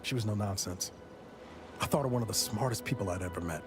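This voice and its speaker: In this game clip, music runs under a man playing a tired male space agent who sounds wistful, wry and dryly reflective. He talks fast in a fairly low, near-everyday voice.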